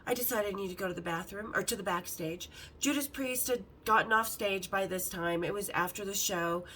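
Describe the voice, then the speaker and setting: A woman hosting a podcast, telling candid, bawdy stories in a lively, casual way and acting out the other people in them. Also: mid-range voice, brisk, slight background noise, poor audio. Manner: lively, acts out the others' lines in her story. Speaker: podcast host. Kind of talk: casual storytelling.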